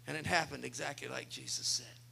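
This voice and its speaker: A man's voice: mid-range voice, steady tone, brisk, gravelly, pushed and bright, slightly rough. A male pastor preaching a sermon, speaking with emphasis and turning often to address the congregation.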